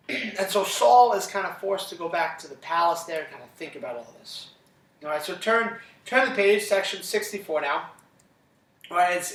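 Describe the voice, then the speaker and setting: Man, Bible teacher, casual classroom lesson, keeps asking "right?", higher voice, echoey room. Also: fairly bright tone, far from the mic. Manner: conversational, checks in with "right?" constantly; paraphrases scripture in casual retelling.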